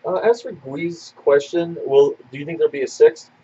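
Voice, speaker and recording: A man co-hosting a casual podcast, answering viewer questions in a rambling, animated way with many fillers and restarts. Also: fairly high pitch, moderate pace, lo-fi sound, slight background noise. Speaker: podcast co-host.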